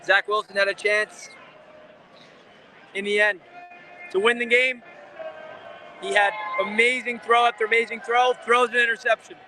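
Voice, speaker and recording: A man's voice: high voice, flat delivery, normal speed, long pauses, sharp tone, soft background music. A man hosting a fan channel, giving an angry, frustrated live post-game rant outside a stadium, swearing often.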